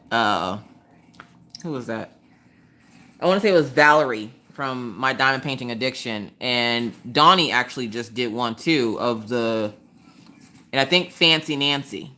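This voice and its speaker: A woman's voice: a bass voice, sharp tone. A woman hosting a casual craft livestream, chatting with viewers in a chatty, exasperated way and firing off rhetorical questions. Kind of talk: casual chat with live viewers. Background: chewing ice between sentences.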